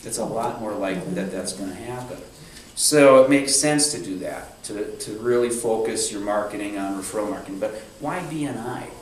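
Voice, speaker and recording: A man's voice: lowish voice, normal speed. A man giving a talk to a business networking group, telling a story and acting out the quotes. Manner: animated storyteller, acts out quotes. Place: meeting room. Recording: echoey room from far off.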